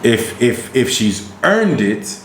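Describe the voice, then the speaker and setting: A man's voice: medium pitch, big pitch swings, slow pace, echoey room, a little hiss or hum. A man co-hosting a podcast in casual chat, giving emphatic, preachy dating advice. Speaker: podcast co-host.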